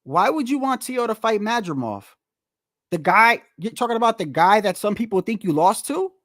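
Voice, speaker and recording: A man's voice: high-pitched, animated, moderate pace, a bit bright. A man giving a heated, slangy commentary rant on boxing, repeating himself and firing rhetorical questions at his viewers. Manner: profane, slangy. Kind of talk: casual rant to the audience.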